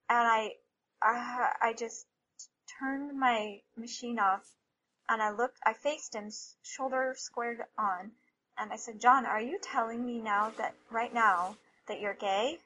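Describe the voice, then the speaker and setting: Bright-voiced emotional mother. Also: a little high, highs cut off, slight background noise. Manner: emotional, halting, many restarts. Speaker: mother telling her story. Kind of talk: personal storytelling interview.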